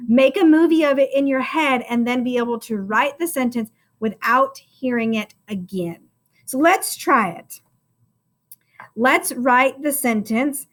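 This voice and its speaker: A woman teaching a recorded first-grade phonics lesson, speaking slowly and encouragingly and calling the viewer friend. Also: sits high, fairly bright tone.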